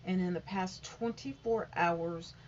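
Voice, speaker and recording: A woman's voice: fairly low pitch, measured pace, muffled recording. Woman, home vlog, rambling, self-correcting, faint background hiss. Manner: rambling, stumbles over numbers, self-corrects. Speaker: vlogger. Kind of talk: casual update reading figures aloud.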